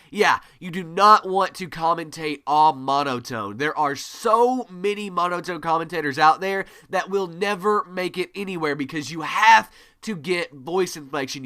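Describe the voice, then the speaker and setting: A man giving a gaming tutorial to camera, energetic and always varying his pitch, on a USB desk mic. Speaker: gaming YouTuber. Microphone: USB desk microphone.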